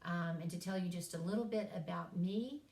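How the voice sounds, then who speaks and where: A college English teacher from East Tennessee, USA, tells folksy classroom stories with self-deprecating humor in a recorded course lecture. Her lowish voice is fairly quick, gravelly and darkish, and the room sounds echoey.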